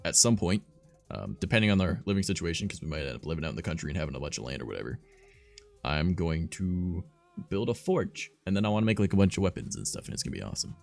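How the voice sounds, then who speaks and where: A man's voice: sits low, big pitch swings, fast, vocal fry, faint music behind. A young man hosting a livestream, telling stories in a rambling, profane, filler-heavy casual way. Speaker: streamer host.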